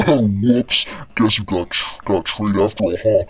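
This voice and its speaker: A man's voice: on the low side, slow, breathy edge. A man voicing a hungry, dopey wolf pack through a voice changer, talking in laid-back goofy slang. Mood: smug.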